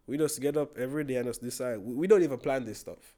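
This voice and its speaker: A young Jamaican man chats casually as a podcast guest, relaxed and rambling. He is a fast talker with a mid-range pitch, often stumbling over and repeating words as he gathers his thoughts.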